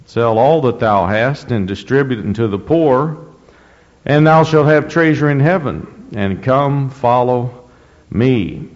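Male preacher reading scripture with deliberate, rising emphasis, captured on a dull, muffled recording. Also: mid-range voice, animated. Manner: slow, deliberate reading with rising emphasis and frequent throat clearing. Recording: dull lo-fi recording in a reverberant hall.

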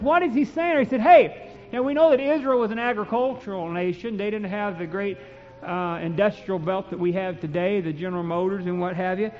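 High-voiced preacher in an echoing hall. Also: male voice, brisk. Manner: folksy, impassioned preaching with King James readings. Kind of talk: sermon. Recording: dull lo-fi recording with long hall reverb.

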